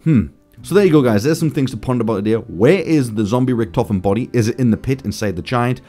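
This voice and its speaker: A man hosting a gaming video, speculating excitedly about game lore and talking straight to his viewers. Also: medium pitch, quick pace, faint music behind. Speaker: gaming channel host. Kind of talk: casual gaming theory commentary.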